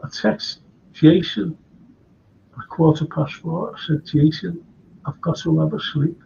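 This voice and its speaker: Older scouse guy hosting a chat show, gravelly, rambly, kinda tired, dull lo-fi sound. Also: on the high side, a little slow, mellow. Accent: Liverpool. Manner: rambling, chatty, with frequent restarts. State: tired from lack of sleep. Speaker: host. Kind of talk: casual chat. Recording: dull lo-fi sound with faint noise.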